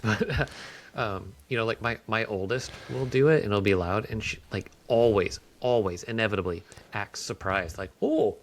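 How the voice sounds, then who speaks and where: A man's voice: fairly low pitch, normal speed, a little hiss or hum. A man co-hosting a podcast, telling casual stories and acting out quoted lines. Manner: storytelling, acts out quotes. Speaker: podcast co-host. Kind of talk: casual chat.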